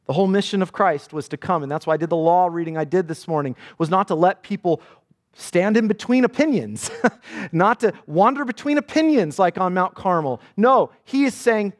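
A man's voice: high voice, animated, a little fast. A man preaching a sermon, reading scripture aloud with dramatic emphasis. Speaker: pastor.

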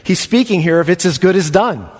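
A man's voice: high voice, animated, brisk. Emphatic preaching man in a big hall. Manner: swings from soft to loud emphatic preaching. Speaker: pastor. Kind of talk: sermon.

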